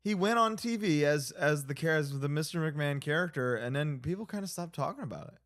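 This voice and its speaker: A man's voice: fairly high pitch, expressive, fairly quick, fairly bright tone. A young man co-hosting a casual wrestling chat, rambling with frequent restarts. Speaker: co-host.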